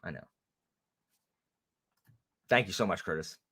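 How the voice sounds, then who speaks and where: A man's voice: low-pitched, measured pace, a bit bright, breathy edge. A man co-hosting a casual livestream, rambling and laughing, with many restarts and fillers. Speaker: co-host of a book channel livestream.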